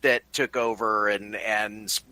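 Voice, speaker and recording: A man chatting on a podcast, talking slowly with many hesitant fillers. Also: on the low side, little pitch movement, bright, forceful tone, no echo. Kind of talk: casual podcast chat.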